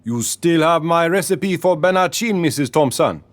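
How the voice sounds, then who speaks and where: A man voicing a shopkeeper who talks in a showy Caribbean accent while making a smooth sales spiel. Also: on the high side, expressive, moderate pace, dry recording, pitched above the performer's own voice, close to an everyday voice. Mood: smooth, salesy. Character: older male shopkeeper with put-on Caribbean patter.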